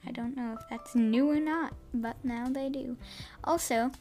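A woman's voice: sits high, steady tone, measured pace, a little mellow, soft background music. A woman hosting a casual podcast, rambling and hesitant, often correcting herself, with wry, self-deprecating humor. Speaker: podcast host. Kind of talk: casual unscripted podcast update.

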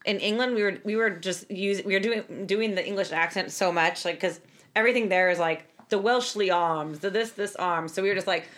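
Young woman podcast co-host, animated casual storyteller, mid pitch. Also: a little fast. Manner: animated storyteller, laughing, voicing quoted people. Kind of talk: casual chat.

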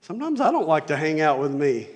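A man with a high voice preaching a sermon. He shifts between quiet, joking asides and loud, impassioned peaks, and a long reverb trails his words through a large hall. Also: big pitch swings, fast talker. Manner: preaching, swings from soft asides to shouted climaxes. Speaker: pastor.

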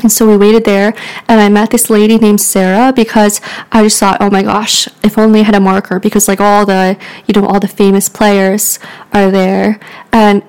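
Woman, podcast host, casual storytelling, rambling, lots of filler words, giggly, mid pitch. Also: little pitch movement, moderate pace, a little mellow, smooth, poor audio. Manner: rambling, filler-heavy with frequent "like"; giggly, laughs often.

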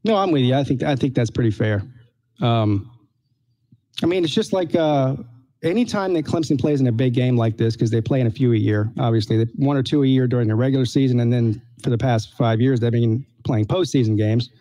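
A man talking sports in a relaxed back-and-forth, hesitant and full of fillers. His voice sits at an ordinary middle pitch, and the sound is dry and close with no room around it. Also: a little fast, no echo. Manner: hesitant, lots of fillers and restarts. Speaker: sports podcast co-host. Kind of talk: casual sports chat.

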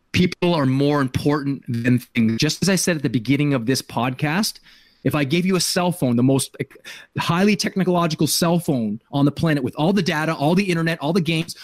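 A man's voice: fairly high pitch, dry recording. Earnest man telling a story on a podcast. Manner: earnest, repeats words when starting a thought. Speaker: podcast host and life coach.

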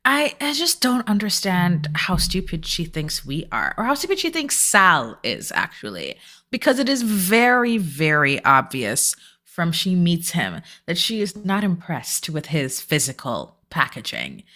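A woman co-hosts a casual podcast recap, talking bluntly and sarcastically. Her voice sits a little low but swings through a wide, animated range. It has a bright, forceful edge. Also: unhurried. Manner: blunt, sarcastic, swears freely. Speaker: podcast co-host. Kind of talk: casual reality-TV recap chat.

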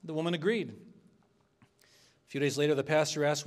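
A man's voice: a little high, steady tone, unhurried, pauses often. A man preaching an expository sermon as a pastor, earnest and conversational, asking the congregation for responses.

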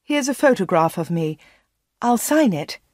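A woman voicing a nervous, glamorous female film star in a storybook reading, speaking quietly and hesitantly. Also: mid-range voice, very animated, a little slow, dry recording, clean studio sound. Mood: pleading.

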